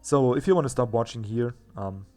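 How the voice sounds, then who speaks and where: A man's voice: mid-range voice, brisk, darkish tone, faint music behind. A man hosting a let's play, chatting casually and thinking aloud as he plays, with a self-mocking manner. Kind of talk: casual gameplay commentary.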